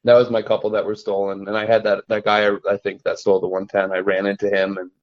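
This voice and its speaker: A man's voice: fairly low pitch, completely flat delivery, quick pace, lo-fi sound. A young adult man, a trapper and guest, telling stories in a casual, rambling way, often restarting and laughing at his own tales. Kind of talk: casual storytelling in conversation.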